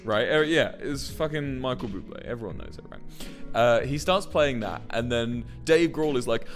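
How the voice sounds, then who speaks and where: A man's voice: mid-range voice, lively intonation, normal speed, few pauses, faint music behind. A man in his twenties tells a rambling story casually on a livestream and swears often. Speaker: musician and streamer.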